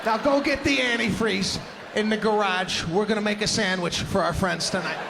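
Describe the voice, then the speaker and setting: A man voicing his hot-tempered old-world immigrant father, loud and blunt. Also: high-pitched, normal speed, creaky, background noise, voice pushed up. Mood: fierce.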